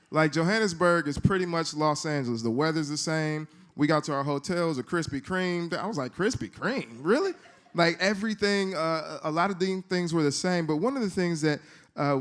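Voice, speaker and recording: Man telling a joking church testimony. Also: on the high side. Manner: conversational, joking storytelling. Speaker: church speaker. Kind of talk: sermon testimony.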